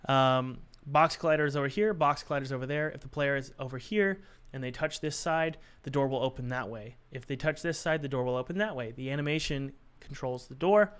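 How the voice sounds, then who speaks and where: A man's voice: medium pitch, fairly quick, few pauses, fairly bright tone, smooth. A young man chatting casually on a live stream, joking and thinking aloud while he works on his game.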